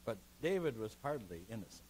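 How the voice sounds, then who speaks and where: A man's voice: mid-range voice, a little fast, a little hiss or hum, rough recording. A man, a pastor, leading a seminar in a church meeting room, teaching emphatically and taking questions. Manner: emphatic, animated teaching that takes listeners' questions.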